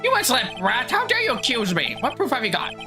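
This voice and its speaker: A woman plays a touchy old geezer who brags loudly and huffs at every accusation, his voice jumping up and down in an animated, lively way. Game music plays steadily behind him. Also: a little high, quick pace, voice pushed up. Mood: indignant. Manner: shouty, indignant bluster. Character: cranky broke old man, boastful and touchy.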